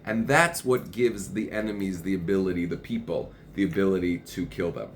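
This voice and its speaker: Low-voiced man explaining religious texts. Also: normal speed, a little hiss or hum. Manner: explains step by step, reads passages aloud. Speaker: Torah teacher.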